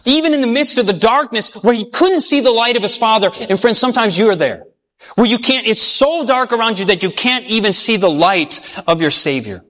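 A man with a high voice preaches a sermon and keeps drawing his listeners in with questions, letting them finish the verses. When he reads scripture he slows down and sinks low. His voice rings out with a long reverb, as in a large hall. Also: animated, pushed and bright. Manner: drops low and slow when reading scripture aloud.

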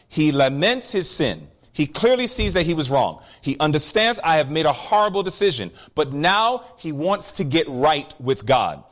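A man's voice: a little high, fairly bright tone. A man preaching a sermon, teaching through scripture in an emphatic, storytelling way.

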